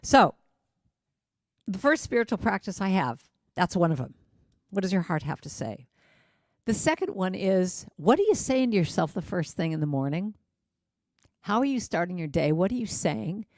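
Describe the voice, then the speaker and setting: A woman's voice: fairly low pitch, big pitch swings, moderate pace, pauses often, a little mellow, no echo, studio quality. A middle-aged woman, a guest musician, giving a casual spiritual talk and breaking into sung lines and acted quotes.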